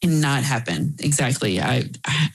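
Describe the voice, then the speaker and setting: A woman's voice: rumbling low, lively intonation, moderate pace, vocal fry, poor audio. Earnest woman telling her story. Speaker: interview guest. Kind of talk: candid personal storytelling.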